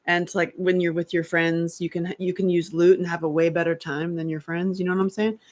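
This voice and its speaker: Chatty woman, low voice. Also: flat delivery, a little fast. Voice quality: chatty, rambling, laughs often. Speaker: host. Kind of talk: casual chat.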